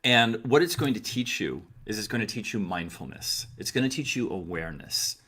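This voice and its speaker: A man's voice: on the low side, animated, moderate pace, pushed and bright, breathy edge. A middle-aged man giving earnest, direct advice to his listeners, coaching them and repeating key phrases for emphasis. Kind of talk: direct-to-camera advice talk.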